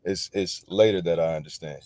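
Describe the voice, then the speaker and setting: A man's voice: low-pitched, brisk, dark tone, no echo. A man in casual podcast chat, explaining and defending his view, often repeating words as he starts.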